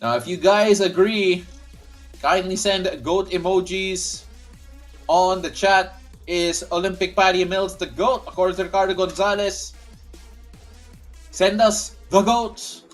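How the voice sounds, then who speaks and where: During his live basketball watch-along stream, a man speaks in a high voice, unhurried and with long pauses, as faint music plays behind him. He gives casual play-by-play, reads viewers' comments aloud, and frequently starts over mid-thought.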